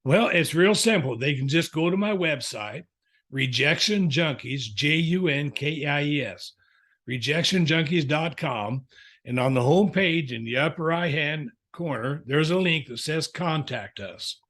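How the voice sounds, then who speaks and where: A man's voice: on the high side, lively intonation, a little slow, a bit bright. A man, a counselor and author, telling folksy stories in a podcast interview. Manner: folksy storyteller, chuckling asides.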